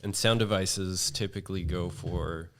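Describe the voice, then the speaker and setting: A man speaking as a podcast guest in a monotone, casual chat full of fillers and restarts. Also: deep voice, unhurried, slight background noise. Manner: rambling, with many fillers and restarts.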